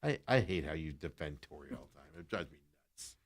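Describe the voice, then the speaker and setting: Heated sports radio host, swooping pitch. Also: male voice, lively intonation, brisk. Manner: heated, exasperated, voice jumps up when angry. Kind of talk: sports talk radio rant.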